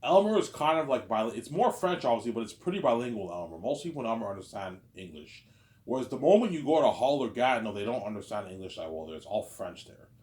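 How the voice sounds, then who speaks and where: Speaking quickly and very animatedly, a thirtysomething male vlogger with a medium-pitched, darkish voice rambles casually on his own. He goes over the same points repeatedly, leaning on "obviously" and "you know what I'm saying."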